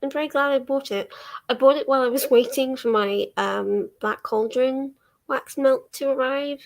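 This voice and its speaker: A woman's voice: high voice, moderate pace, gravelly. An English young woman hosting a book livestream, chatting casually with many ums and small laughs. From England. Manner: chatty, rambling, lots of ums and little laughs. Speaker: book vlogger hosting a reading sprint. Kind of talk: casual chat to a livestream audience.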